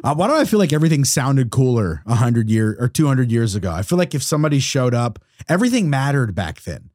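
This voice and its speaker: A man's voice: medium pitch, sing-song, quick pace, darkish tone, dry recording, studio quality. A man co-hosting a podcast, chatting casually and animatedly, slipping into joking put-on voices. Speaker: podcast co-host. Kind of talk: casual political chat.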